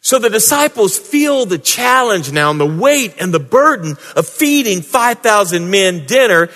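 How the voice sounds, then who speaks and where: A man preaching a sermon as a pastor, moving from hushed, prayerful passages to raised, emphatic points. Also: high voice, very animated, a little slow. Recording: long hall reverb.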